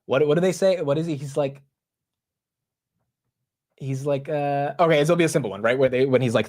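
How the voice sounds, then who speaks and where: A man's voice: medium pitch, expressive, fast, darkish tone. A man from the United States hosting a live stream of market commentary, chatty and slangy, often laughing and calling viewers bro and dude. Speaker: livestream host.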